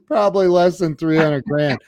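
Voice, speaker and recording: A man's voice: high voice, darkish tone, no room sound, dull audio. A male host with a slightly raised voice, chatting casually with his guest. He laughs easily and stumbles into repeated restarts. The sound is dry and close. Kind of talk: casual interview chat.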